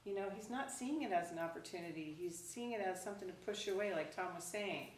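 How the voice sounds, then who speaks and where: A woman Zen teacher tells a teaching story in a casual, animated way, slipping into quoted voices. Her voice sits a little low and comes from away from the mic in a roomy hall, with faint background noise. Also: fast talker, distant mic. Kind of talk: dharma talk storytelling.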